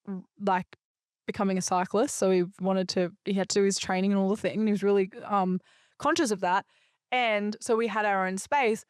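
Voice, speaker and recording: A woman's voice: mid-range voice, dry recording, clean studio sound. Rambling, reflective woman podcaster. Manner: rambling, reflective, frequent fillers and self-corrections. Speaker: podcast host. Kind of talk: casual solo podcast talk.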